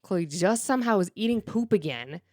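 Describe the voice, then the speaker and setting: A woman co-hosts a casual podcast and tells stories in an animated way, often laughing and getting loud. Her voice sits at a middle pitch. It is recorded up close with no room sound. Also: moderate pace, dry recording. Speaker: podcast co-host. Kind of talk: casual chat.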